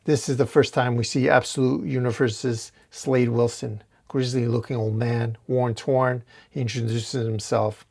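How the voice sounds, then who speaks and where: A man's voice: mid-range voice, little pitch movement, unhurried, gravelly, hardly any pauses, darkish tone. A man narrating a comic book story panel by panel in a casual recap style. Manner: recounts panel by panel, casual restarts.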